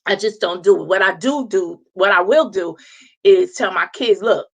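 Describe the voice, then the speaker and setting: A woman's voice: mid-range voice, lively intonation, normal speed, creaky, a bit bright. A woman in her thirties, hosting a show, tells a casual story with lots of laughter and acts out the voices of the people in it. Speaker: host.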